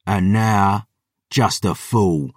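A man's voice: lowish voice, drawn-out words, dry recording, clean studio sound. A man voicing a cruel, bitter young male lordling in an audiobook, with a taunting, sneering manner. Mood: cold triumph.

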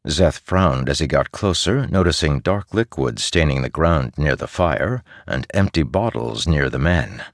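Very deep-voiced male storyteller. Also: lively intonation, moderate pace, a bit bright, no room sound, studio quality. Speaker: narrator. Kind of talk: audiobook narration.

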